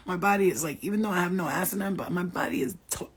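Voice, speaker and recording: A woman's voice: lowish voice, quick pace, slightly rough. A woman, a spiritual healer, rambling and swearing freely in casual chat with her viewers.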